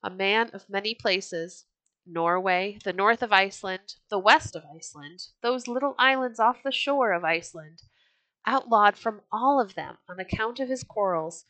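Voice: mid-range voice, normal speed, bright, forceful tone, dry recording. A woman voicing an admiring villager musing aloud in a storybook reading. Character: admiring villager praising a hero.

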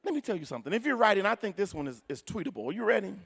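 A male pastor preaching a sermon in a church, telling stories, swinging from shouted lines to quiet asides. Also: high voice, sing-song, very fast, creaky, husky. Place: church sanctuary with congregation.

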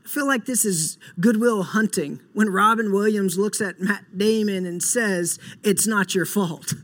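A young man preaching a sermon earnestly, moving between soft, slow passages and loud, emphatic bursts. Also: high-pitched. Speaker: pastor.

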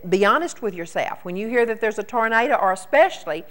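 A woman's voice: medium pitch, lively intonation, fast talker, fairly bright tone. A woman preaching a sermon, telling a personal story and urging listeners in an earnest, emphatic way.

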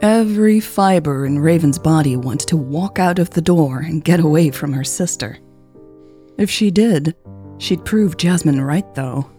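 A woman host reading a romance story aloud in a calm, measured way. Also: sits low. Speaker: podcast storyteller. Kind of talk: story narration. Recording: faint music behind.

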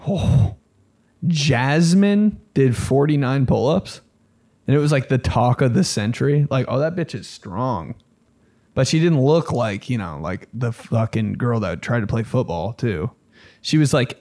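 Profane, rambling young male podcast host. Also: mid-range voice. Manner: rambling, profane, animated riffing. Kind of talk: casual comedic monologue.

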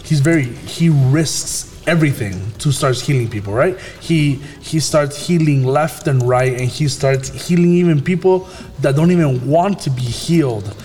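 A man hosting a casual faith discussion, talking in a halting way with many fillers and restarts. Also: on the high side, a little mellow, long reverb tail, faint music behind.

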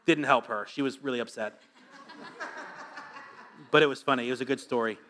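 Bright-voiced joking pastor, a man. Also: mid-range voice, a little fast. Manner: energetic, joking, reads scripture aloud. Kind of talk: sermon.

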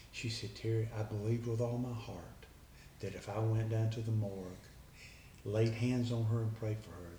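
A man's voice: lowish voice, darkish tone, far from the mic, slight background noise. A man, a guest earnestly retelling a conversation line by line. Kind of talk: personal storytelling. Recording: echoey room with faint background ambience.

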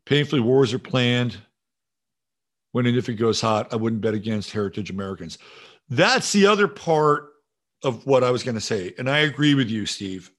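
A man's voice: mid-range voice, animated, normal speed. Rambling, profane male livestream host. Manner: rambling, casual and profane, musing aloud. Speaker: show host. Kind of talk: livestream talk reading viewer comments.

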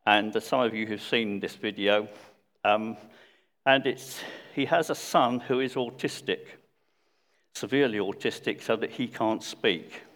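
Low-voiced preacher in a reverberant church. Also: male voice, unhurried, fairly bright tone. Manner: conversational, with hesitant fillers and restarts. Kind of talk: sermon. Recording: long reverb of a church hall.

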